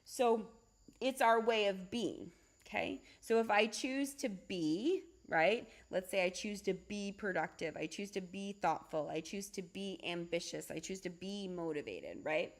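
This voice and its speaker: A middle-aged woman, a holistic doctor, talking casually on a livestream, chatty and animated, often asking "right?" and laughing. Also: medium pitch, unhurried. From United States. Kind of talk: casual livestream talk with storytelling.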